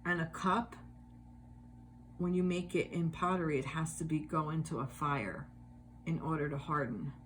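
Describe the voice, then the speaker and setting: A woman's voice: deep voice, normal speed, long pauses, slight background noise. A woman giving a casual tarot reading, musing aloud with many fillers and swearing freely. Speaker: tarot reader.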